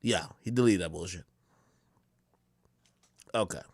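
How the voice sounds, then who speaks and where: A man's voice: low voice, a little slow, no room sound. A man hosting a live stream, making sarcastic, mocking commentary on clips he plays. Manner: sarcastic, mocking, animated reactions. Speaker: streamer host.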